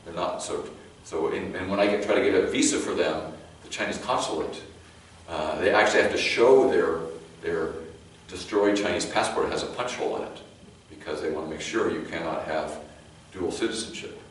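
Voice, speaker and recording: Low-voiced Californian pastor in an echoey church. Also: male voice. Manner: conversational, with halting restarts and light joking. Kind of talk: sermon. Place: church sanctuary. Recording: very echoey hall, mic far off, faint noise.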